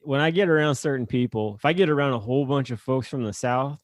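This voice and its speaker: A man from Northern Indiana chats with his co-host in an easygoing way. He laughs often and fills his sentences with ums and uhs. His voice sits at a middle pitch and is recorded close and dry. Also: quick pace, no room sound. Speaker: podcast co-host. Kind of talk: casual chat.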